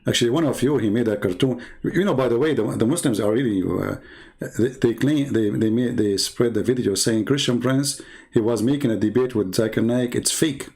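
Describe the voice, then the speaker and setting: A man's voice: medium pitch, brisk, a little mellow. A man hosting a call-in debate show, talking in a sarcastic, rambling way full of fillers. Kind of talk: casual mocking monologue.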